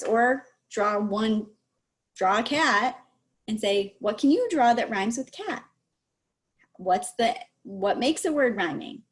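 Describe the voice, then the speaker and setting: A woman giving practical advice in an easygoing, encouraging way over a video call, laughing easily. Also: a little high. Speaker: speech-language advisor. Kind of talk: casual advice chat.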